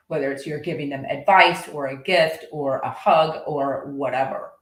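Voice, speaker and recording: A woman's voice: low voice, fairly even intonation, normal speed, hardly any pauses, roomy sound, poor audio. A woman coaching in a casual, rambling monologue, full of restarts. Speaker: horse-based coach.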